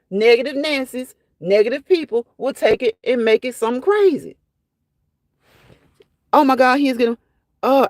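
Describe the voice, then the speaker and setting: A woman's voice: a little high, dry recording. A woman hosting a casual live stream, reading viewers' comments aloud and reacting to them in a chatty way that often repeats phrases.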